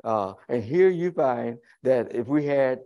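A man's voice: medium pitch, animated, measured pace, dark tone, lo-fi sound. A male pastor preaching a sermon in a folksy, conversational way, with humorous asides to the congregation.

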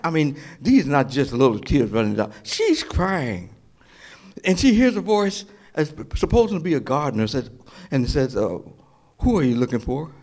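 A man with a slightly high voice preaches a sermon, retelling scripture. He swings between loud emphasis and hushed whispers, often repeating and restarting phrases.

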